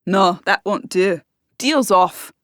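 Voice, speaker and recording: A woman voicing a grizzled older Scottish man, a gruff bargaining smuggler, with a Scottish accent. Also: mid-range voice, takes it slowly, dry recording, clean studio sound, lightly acted. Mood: dismissive.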